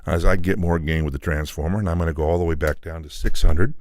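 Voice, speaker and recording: A man's voice: low voice, steady tone, fast, darkish tone. A man demonstrating studio equipment in a loose, explanatory way with frequent fillers, speaking into a studio microphone and moving on and off it. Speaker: equipment designer demonstrating a preamp. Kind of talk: technical product demonstration.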